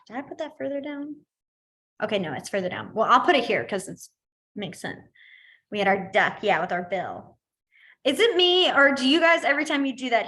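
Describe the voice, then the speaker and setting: A woman's voice: medium pitch, bright, forceful tone. A young adult woman teaching a sign language class online, chatty and rambling, with many fillers and easy laughter.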